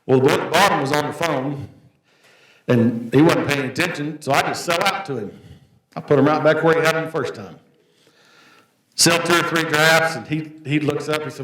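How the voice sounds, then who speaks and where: A man's voice: fairly high pitch, fairly quick, a bit bright. A man, an auctioneer, giving a plain-spoken, story-filled tribute speech at an award event. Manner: folksy, anecdotal, plain-spoken. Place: banquet hall. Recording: echoey hall, voice from a distance.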